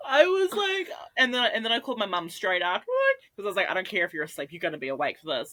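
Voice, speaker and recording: Young woman, podcast co-host, animated storyteller, lively pitch, close dry sound. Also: fast talker, hardly any pauses, no echo. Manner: animated storyteller, acts out her own quotes with big pitch jumps. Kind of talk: casual chat.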